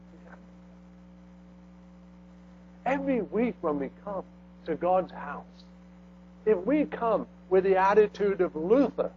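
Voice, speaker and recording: A man preaching a sermon, swinging between loud emphatic lines and hushed low phrases. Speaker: pastor. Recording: dull lo-fi sound with faint mains hum.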